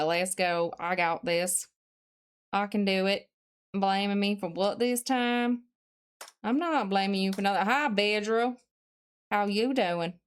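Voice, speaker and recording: Woman on a live stream, talks slow and thinks out loud while studying, reads chat out loud, smooth voice. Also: mid-range voice. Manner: reads chat messages aloud and answers them.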